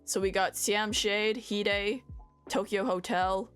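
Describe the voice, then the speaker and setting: A chatty woman vlogger talks casually, poking fun at herself as she trips over foreign song titles. Her voice sits at an ordinary middle pitch. Light background music plays faintly under her voice. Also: steady tone, slow pace, a bit bright, clean tone. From Canada. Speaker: VTuber host. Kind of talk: casual chat reading out music stats.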